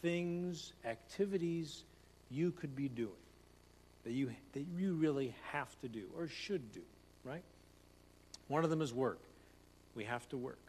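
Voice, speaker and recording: A man's voice: mid-range voice, animated, unhurried, pauses often, darkish tone. A man preaching a conversational sermon as pastor, repeating phrases and speeding up as he tells stories. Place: church sanctuary. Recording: long hall reverb, faint hum.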